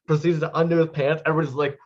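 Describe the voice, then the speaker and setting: A man's voice: fairly high pitch, rapid-fire. Rambling man on a dull lo-fi line. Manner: rambling, animated storytelling with lots of "like". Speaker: podcast co-host. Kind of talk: casual chat on a video call.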